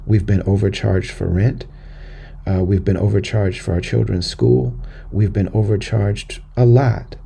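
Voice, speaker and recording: An American man talks through a personal story on his podcast, earnest and conversational, circling back over his words. His voice is low, dark and mellow, with a heavy gravelly fry. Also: fairly even intonation, unhurried. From United States. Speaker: podcast host. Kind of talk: personal monologue.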